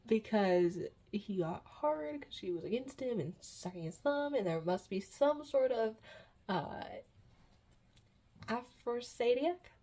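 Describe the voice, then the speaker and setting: A woman's voice: medium pitch, lively intonation, measured pace, mellow. A woman recapping a book in a casual, rambling way, with many fillers and giggles. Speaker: book reviewer.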